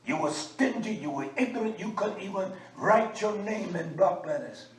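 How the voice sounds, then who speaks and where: A religious teacher delivers a fiery sermon in a high-sitting, expressive voice at normal speed, emphatic and scolding with frequent "uh" fillers. The echoey room is picked up by a distant mic, with faint background noise.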